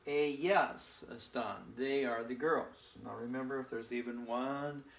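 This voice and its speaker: A man teaches a beginner Spanish class at an unhurried, deliberate pace. He repeats each word and keeps asking "okay?" to check that his students follow. His voice echoes around the room. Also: medium pitch, fairly even intonation. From northern United States. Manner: slow and repetitive, checking in with "okay?". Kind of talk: slow, patient classroom lesson.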